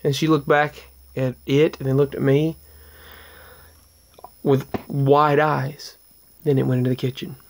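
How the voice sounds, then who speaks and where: A man recounts strange happenings in a level, monotone voice of middling pitch. He rambles casually, restarting sentences and adding asides as he goes. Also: unhurried, long pauses. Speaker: vlogger. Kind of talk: casual paranormal storytelling.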